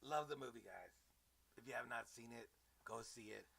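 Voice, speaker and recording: A man's voice: medium pitch, moderate pace, gravelly, fairly bright tone, husky. A man giving a rambling, sarcastic comedic movie recap, mocking the fans. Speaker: movie reviewer.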